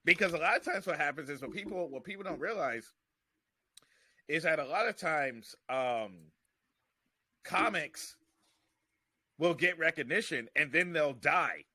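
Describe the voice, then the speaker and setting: A man, a comedian, telling stories in animated, rambling casual chat on a podcast. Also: a little high, unhurried, long pauses, husky, no room sound. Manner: animated, rambling storytelling with restarts.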